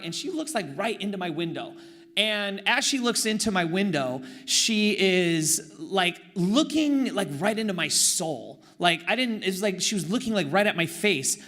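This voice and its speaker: A young male pastor from Oakland preaching through a comic personal story, animated and self-mocking. His voice sits high and bright, with a lively, wry delivery full of sarcastic asides. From East Bay of San Francisco, Oakland. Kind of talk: storytelling sermon.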